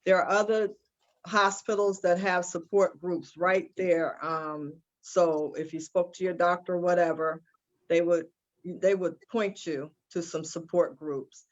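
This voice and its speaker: A woman's voice: lowish voice, steady tone, measured pace, dull audio. A woman who survived breast cancer, speaking on an online panel and earnestly recommending support resources. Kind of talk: panel discussion answer. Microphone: video call.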